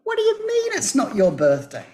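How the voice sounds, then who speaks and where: A man's voice: high-pitched, normal speed, vocal fry, voice pushed up. A man voicing a grumpy, stomping male grizzly bear in a children's story, bellowing complaints and threats. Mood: baffled.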